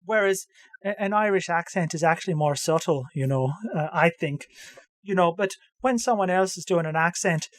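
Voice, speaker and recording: A podcast co-host chatting casually about anime dubs, halting and full of restarts, slipping into hammy accent impressions. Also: mid-range voice, dry recording. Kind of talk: casual chat.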